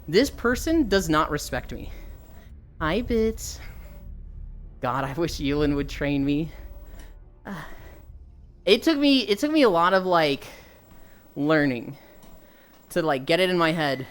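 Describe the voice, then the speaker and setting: Lively young woman streamer. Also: fairly low pitch, a little slow, long pauses, soft background music. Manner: animated storytelling, swears freely, reads chat aloud. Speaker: livestreamer. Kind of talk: casual chat while walking.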